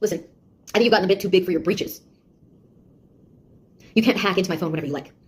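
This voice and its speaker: A woman's voice: fairly low pitch, fast, slight background noise, lightly acted. An actress playing a sarcastic young woman, a beta tester who mocks and scolds a nosy AI in a one-sided audio drama. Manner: mocking, taunting, exasperated.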